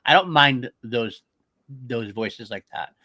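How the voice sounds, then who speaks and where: An excitable man co-hosting a casual podcast, his voice bright and forward. He talks emphatically, circling back and repeating his points. Mid-range pitch, easygoing chat. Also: slow pace. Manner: enthusiastic, emphatic, repeats himself. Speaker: podcast co-host.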